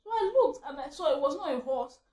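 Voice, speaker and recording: A woman vlogger telling a funny story in casual chat, animated and laughing often as she acts out what she shouted. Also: sits high, fairly quick. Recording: roomy echo.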